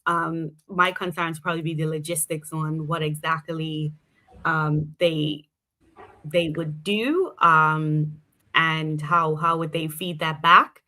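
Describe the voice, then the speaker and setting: A woman's voice: deep voice, fairly even intonation, takes it slowly, sharp tone. A woman with a Bermudian accent, talking casually as an interview guest, chatty with many fillers. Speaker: guest politician.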